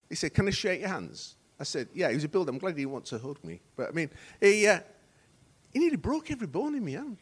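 A middle-aged man preaching a sermon as associate pastor, telling stories and acting out the dialogue, going from hushed to loud. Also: high-pitched, very animated, quick pace, slightly rough. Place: church hall.

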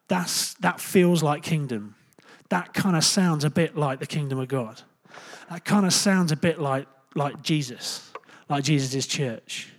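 Chatty, joking young preacher man. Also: fairly high pitch. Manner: chatty and jokey, full of fillers and self-corrections; animated, jumps into loud playful asides. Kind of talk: casual conversational sermon.

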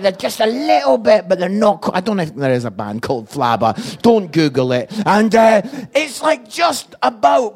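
A Scottish man preaching an evangelistic sermon, energetic and jokey with loud outbursts. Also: sits high. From Scotland.

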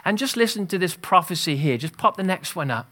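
A man preaching a sermon as pastor, energetic and exhorting, calling out to the congregation. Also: sits high, a little fast. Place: church hall.

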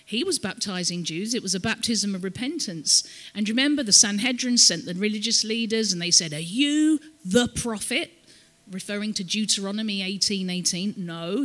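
A woman's voice: medium pitch, fairly bright tone. A woman speaking as a visiting ministry guest at a church, telling the story and having the audience repeat words after her. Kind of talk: church talk, teaching. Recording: long reverb of a church hall.

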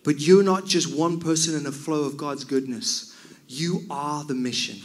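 A man preaching a sermon, swinging from loud cries down to near whispers. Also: a little high, steady tone, moderate pace, slight background noise.

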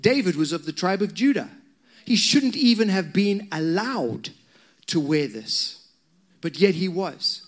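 In a high, unhurried voice, a man preaches as a pastor. He shares personal stories with lively energy, weaving in chatty asides directed at the congregation.

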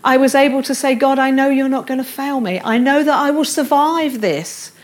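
A middle-aged woman delivers an earnest sermon in a church service room, repeating affirmations and mixing in gentle self-deprecating jokes. She speaks at a normal speed in a high-pitched voice.

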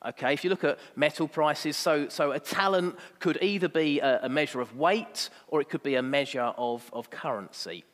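A man's voice: on the high side, normal speed, hardly any pauses, big-room sound. A man preaching a sermon, emphatic and fond of rhetorical asides.

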